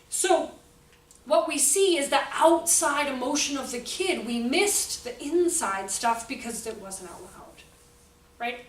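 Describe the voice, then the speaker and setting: A middle-aged woman giving an animated, chatty workshop talk to educators. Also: a little high, a little hiss or hum. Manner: animated, chatty, acts out kids' outbursts. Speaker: teacher trainer. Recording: echoey room, voice from a distance.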